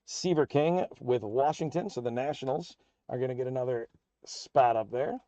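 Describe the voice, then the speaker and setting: A man hosting a live card break, calling out player names and teams as packs are opened in a steady, upbeat patter. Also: medium pitch, normal speed, dry recording, muffled recording. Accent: American.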